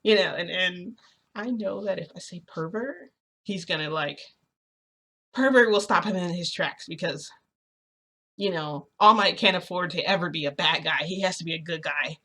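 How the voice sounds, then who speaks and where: A young woman recounts a story to her viewers in a loose, rambling way, leaning on fillers as she goes. Her voice is bright and a little low. The delivery is casual chat, not scripted narration. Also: normal speed. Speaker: vlogger.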